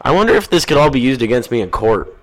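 A man's voice: medium pitch, big pitch swings, fast talker. A man hosting a podcast in casual rambling chat, crude and profane, jumping from one thing to the next. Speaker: podcast host.

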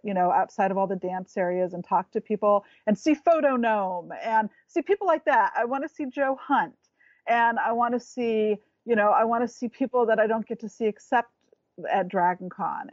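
A woman's voice: mid-range voice, a little mellow, no room sound, highs cut off. A woman talking as a guest in a casual chat, rambling and restarting as she searches for words.

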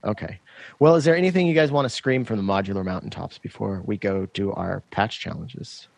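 A man's voice: on the low side, a little fast, vocal fry, darkish tone, no echo. A man hosting a casual podcast chat about synthesizers in a laid-back way, laughing often and restarting his phrases. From Washington state. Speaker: podcast host.

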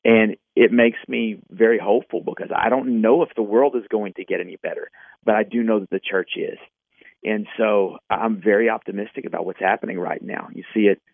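A man, a pastor, speaking hopefully and in a measured way as a podcast guest. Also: fairly low pitch, fairly even intonation, gravelly, dry recording. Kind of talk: faith podcast conversation. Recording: tinny phone line.

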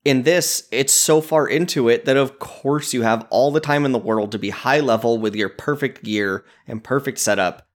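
Man, father, casual podcast co-host, relaxed, storytelling, mid pitch. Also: moderate pace, few pauses. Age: adult, a parent. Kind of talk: casual gaming podcast chat.

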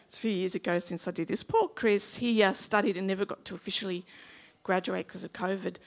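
A woman's voice: mid-range voice, steady tone, brisk, creaky. A woman in her fifties with an Australian accent, preaching a sermon in a chatty, humorous way and drawing in the congregation. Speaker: pastor.

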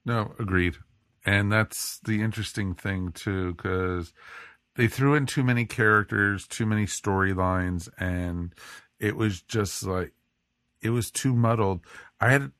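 Lower-voiced man in jokey podcast chat. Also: a little slow, fairly bright tone, dry recording, studio quality. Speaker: podcast co-host. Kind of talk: casual review chat.

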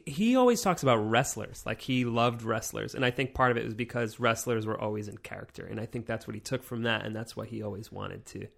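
A man's voice: mid-range voice, fairly quick, gravelly, few pauses, fairly bright tone. A man co-hosting a casual podcast discussion, hesitant and hedging as he talks. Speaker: podcast co-host.

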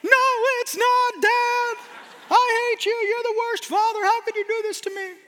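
A man voicing a panicked little girl who shouts shrilly at her father. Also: very high-pitched, little pitch movement, measured pace, slight background noise, pitched above the performer's own voice. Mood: furious.

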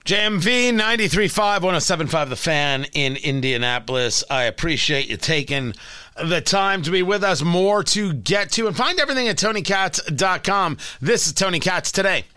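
A man's voice: high voice, normal speed, sharp tone, clear, resonant tone, no room sound. A man hosting a talk radio show, delivering an opinionated monologue with emphatic, heated exclamations from a studio mic.

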